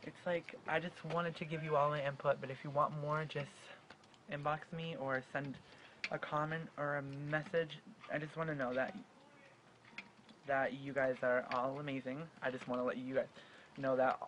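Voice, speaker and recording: A man's voice: on the high side, flat delivery, moderate pace, a bit bright, slight background noise, poor audio. A young man in his late teens speaking in an earnest, heartfelt way, with a stutter and frequent restarts. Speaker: vlogger. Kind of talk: personal advice vlog.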